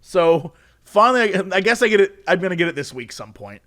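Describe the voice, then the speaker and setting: A man with a notably high speaking voice tells a rambling comic anecdote on a podcast. His delivery is animated and chatty, full of asides and laughter. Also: brisk. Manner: animated storytelling, acts out quotes, frequent laughter. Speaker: podcast co-host. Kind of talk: casual comedic chat.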